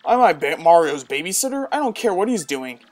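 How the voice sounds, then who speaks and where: A woman's voice: on the low side, big pitch swings, fairly quick. A woman voicing a blustering, hot-tempered male turtle king who growls and barks orders. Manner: growling, bossy, shouting.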